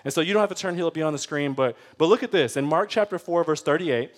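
A man's voice: fairly high pitch, quick pace. A man preaching a sermon in a conversational way, often checking in with his listeners and acting out pleading voices. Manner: acts out pleading voices with rising intensity. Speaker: pastor.

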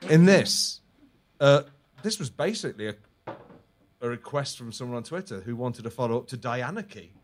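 A man's voice: medium pitch, lively intonation, normal speed, long pauses. Playful man, faint hiss. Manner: playful, giggly. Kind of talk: casual comedy chat.

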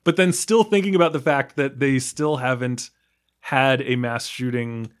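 A man's voice: mid-range voice, fairly even intonation, a little slow, smooth. A man from the United States talking casually about a film, rambling with many fillers, restarts and small laughs. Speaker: film podcast guest.

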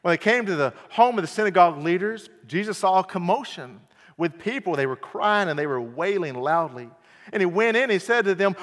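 Guy preaching, earnest, repeats stuff, goes quiet then loud, high voice, long echo in the church. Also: expressive, brisk. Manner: earnest, repeats key phrases, swings from quiet to loud emphasis. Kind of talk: evening sermon. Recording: long hall reverb.

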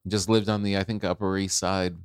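A man's voice: sits low, level tone, a little fast, clean tone, no echo. A man who is a comedian, a guest in casual podcast chat, teasing in a dry way.

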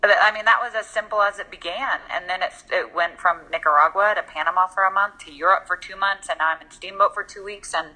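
A woman's voice: medium pitch, brisk, hardly any pauses, bright, forceful tone, poor audio. A young woman co-hosting a podcast, talking earnestly and reflectively about her goals in a casual chat, often restarting her sentences.

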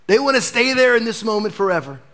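Animated male pastor preaching a sermon. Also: very high voice, fast talker. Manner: animated preaching, dropping to a hush for emphasis.

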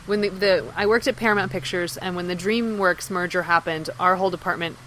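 On a low-quality recording with a bit of hiss or hum, a woman guest on a podcast tells an anecdote in casual conversation. Her fairly low voice is brisk, and she livens the story by acting out what people said.

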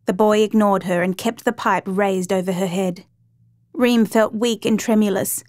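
A woman narrating a true crime story in a steady, measured reading voice. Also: mid-range voice, dry recording, studio quality.

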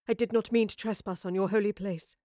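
A woman voicing a fierce warrior queen who speaks formally and quickly, pleading. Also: medium pitch, fairly even intonation, warm tone, dry recording, studio quality, natural voice. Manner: formal, gabbling, growled. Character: warrior queen, proud yet humbled and fierce.

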